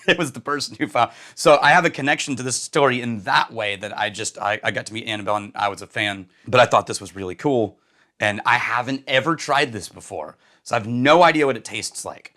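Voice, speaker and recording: A middle-aged man hosting a casual whisky review, chatty and quick to laugh, with rambling asides. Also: medium pitch, bright, forceful tone.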